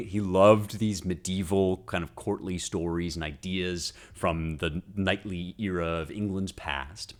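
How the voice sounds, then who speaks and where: Deep-voiced man explaining poetry. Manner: enthusiastic, reads verse aloud with rhythm. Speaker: host. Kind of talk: casual lecture on poetry.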